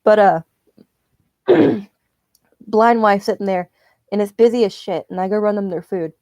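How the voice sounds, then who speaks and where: A woman chats casually as she knits, ranting and swearing freely. Her voice sounds mellow and dark. It is recorded dry and close, with no room sound. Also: mid-range voice, measured pace, no echo. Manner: profane, ranting storyteller. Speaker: streamer. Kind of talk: casual chat while knitting.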